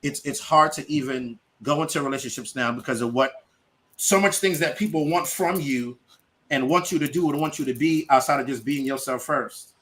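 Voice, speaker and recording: A man in his forties chatting on a podcast, animated and telling stories with quoted voices. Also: mid-range voice, normal speed, a little hiss or hum. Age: 40s. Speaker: podcast co-host. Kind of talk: casual podcast chat.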